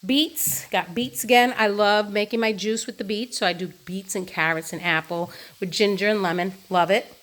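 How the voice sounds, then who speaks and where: Woman vlogger, relaxed and upbeat, chatting into her phone at home while she shows and tastes her produce. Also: mid-range voice, moderate pace, few pauses. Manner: chatty, enthusiastic, eats while talking. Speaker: vlogger showing a farm share haul. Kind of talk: casual chatty vlog. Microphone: phone camera.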